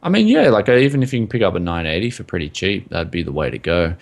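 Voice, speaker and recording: A low-pitched man with a rough, gravelly voice, talking casually on a tech podcast. His pitch swings around a lot as he rambles, and his sentences are packed with "like" and "man". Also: very animated, fast. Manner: rambling, full of likes and mans. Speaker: podcast co-host.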